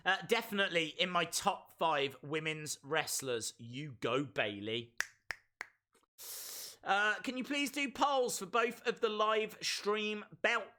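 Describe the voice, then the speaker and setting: A man chats his way through a live reaction stream, playful and prone to repeating himself as he reads out the chat. He talks at an easy, unhurried pace, and his voice is bright and swings widely in pitch. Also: lively intonation. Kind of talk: casual live reaction commentary.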